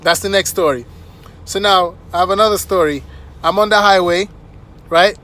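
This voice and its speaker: A man with a high voice tells casual anecdotes to camera. He is animated and chatty, and keeps tossing in little checks with the listener. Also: normal speed. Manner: animated, chatty, frequent "right?" asides. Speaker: vlogger.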